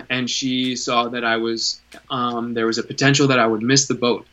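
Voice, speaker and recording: A man's voice: mid-range voice, moderate pace, sharp tone, dull audio. A man in his thirties, a podcast guest, telling his story in an earnest, candid way, swearing casually and often restarting his sentences.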